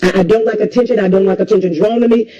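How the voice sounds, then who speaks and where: Speaking fast with fairly even intonation, this medium-pitched woman is a preacher running a call-in livestream, mixing talk with callers and emphatic, repetitive preaching. The highs are cut off, and a crowd can be heard behind her.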